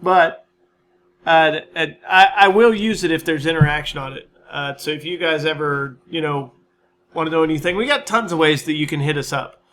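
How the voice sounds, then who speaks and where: A man with a fairly high, forceful, bright voice talks loosely over his own gameplay and channel news. He rambles, mocks his own play and swears freely, in an easy, casual manner. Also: moderate pace, slight background noise. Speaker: gaming channel host. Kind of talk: casual let's-play commentary and channel update.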